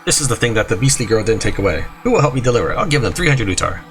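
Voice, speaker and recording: This gaming YouTuber's voice sits on the low side and races along, with soft music in the background. Reading the game's lines aloud as he plays, he switches animatedly between character voices and side comments.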